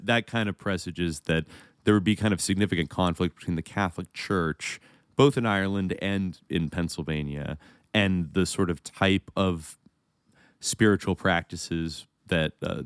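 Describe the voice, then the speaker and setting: A man's voice: low-pitched, clean tone, no echo, clean studio sound. A man co-hosting a history podcast, reading historical passages and then rambling casually with restarts. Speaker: podcast co-host.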